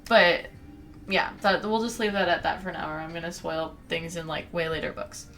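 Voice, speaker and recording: A woman's voice: lowish voice, fairly even intonation, normal speed, fairly bright tone, slight background noise. A young woman co-hosting a podcast, chatting casually as she retells a story with little quoted voices. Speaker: podcast co-host recapping a book. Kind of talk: casual chat.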